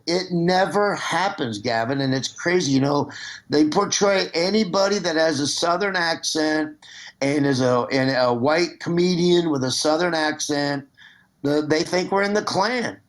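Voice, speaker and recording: A man's voice: fairly high pitch, unhurried. Rambling middle-aged man from Nebraska. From Nebraska, USA. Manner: rambling, with restarts. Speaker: phone-in guest, comedian. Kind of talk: casual phone conversation.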